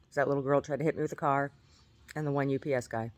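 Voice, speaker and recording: A woman's voice: very deep voice, steady tone, racing. A middle-aged woman telling rambling stories to her camera, laughing and repeating herself as she goes. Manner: rambling, laughing, self-mocking storyteller; repeats words and restarts often. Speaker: vlogger. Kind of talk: casual monologue to camera.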